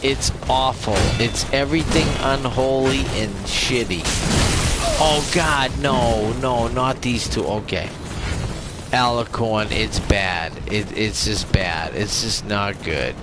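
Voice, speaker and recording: A man's voice: mid-range voice, slow, noisy background. A young man livestreaming a video game, swearing and trash-talking the enemies and chatting with his viewers. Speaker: gaming livestreamer. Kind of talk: profane live gameplay commentary. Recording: game music playing loudly behind. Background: loud game music.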